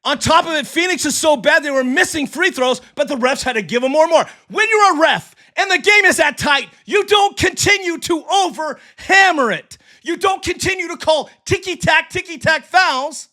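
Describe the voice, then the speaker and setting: A middle-aged man hosts a live sports stream, furious and swearing as he rants and reads chat. His voice sits very high for a man, with a sharp, bright edge, and it has gone hoarse from yelling into the mic. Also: normal speed, hardly any pauses. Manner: heated, yelling, profane. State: losing his voice. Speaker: sports livestream host. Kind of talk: ranting live sports commentary, reading chat. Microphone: desk mic for a livestream.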